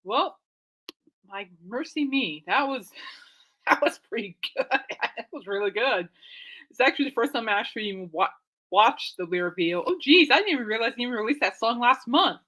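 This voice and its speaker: Bright chatty woman rambling on her live podcast, lots of um and like, exclaims a lot. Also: on the high side, lively intonation, brisk, rough recording. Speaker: podcast host. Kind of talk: casual live-stream chat.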